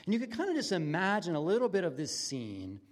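A man preaching a conversational sermon in an earnest, plain-spoken way, his voice dropping from lively emphasis to hushed, intimate tones. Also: high-pitched, fast. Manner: earnest, swings from loud excitement to near-whisper intimacy. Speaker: pastor.

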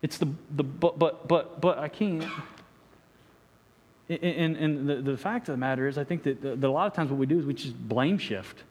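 A man's voice: mid-range voice, fast, hardly any pauses, darkish tone, husky. A man preaching a sermon as pastor, stumbling through many restarts and acting out voices. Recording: echoey hall reverb.

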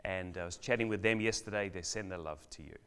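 A guest preacher, an older man with a low, clean voice, tells a story during a church sermon and leans on dramatic pauses. He grows loud when asking questions and sinks nearly to a whisper on the key lines.

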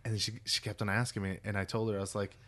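A man with a fairly low voice talks very fast as he co-hosts a podcast. His casual stories are animated, and he voices the people he quotes as he tells them.

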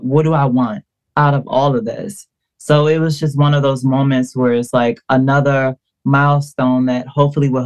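A woman guest on a podcast, telling a personal story in a casual, animated way, acting out quoted dialogue and using lots of fillers. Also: low-pitched.

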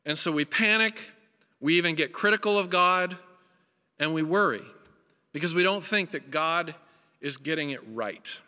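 A man's voice: a little high, expressive, normal speed, bright, forceful tone, clean tone. Earnest man preaching in a reverberant hall. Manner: earnest, emphatic preaching with repeated phrases and restarts. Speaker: pastor. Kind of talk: sermon.

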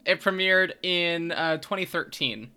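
A podcast co-host who chimes in to read facts flatly and dryly. The voice has a bright, sharp edge, and the speech is broken by hesitant ums and uhs. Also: mid-range voice, unhurried, smooth. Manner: dry, reads facts out flatly, hesitant fillers. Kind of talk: casual podcast banter.

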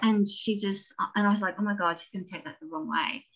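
A middle-aged woman, a former dancer, telling stories as an interview guest, animated and laughing often. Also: mid-range voice, fast talker, poor audio. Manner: animated, laughs often, acts out voices in anecdotes. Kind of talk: casual storytelling.

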